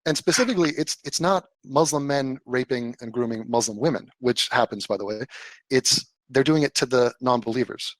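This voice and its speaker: A man's voice: medium pitch, fairly quick, no room sound. A man hosting a live call-in stream, blunt and profane, answering callers in casual chat. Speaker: livestream host answering callers.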